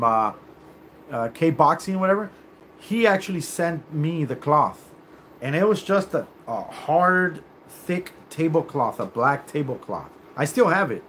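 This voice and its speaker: A man's voice: on the high side, fairly bright tone, a little hiss or hum. A man hosting a livestream, ranting in a profane, confrontational and rambling way. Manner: rambling, with many fillers and restarts. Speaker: livestream host. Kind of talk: live rant on a stream.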